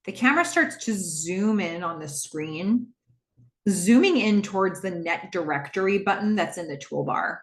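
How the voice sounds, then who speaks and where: A woman hosting a podcast, casually recapping a TV episode and acting out the characters' lines in lively asides. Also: medium pitch, normal speed, reverberant. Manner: animated, acts out dialogue in quoted asides.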